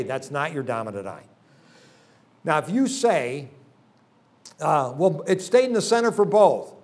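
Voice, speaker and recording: A man preaching a revival sermon to a congregation in a church, telling folksy jokes and leading the audience through a hands-on exercise. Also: on the high side. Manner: folksy, joking storyteller. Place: church service.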